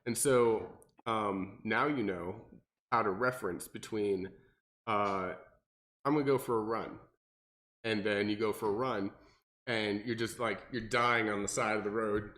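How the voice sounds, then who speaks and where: A young man, a personal trainer, explaining workouts in casual podcast chat and acting out clients in mocking voices. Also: unhurried. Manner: animated, acts out clients with high mocking voices.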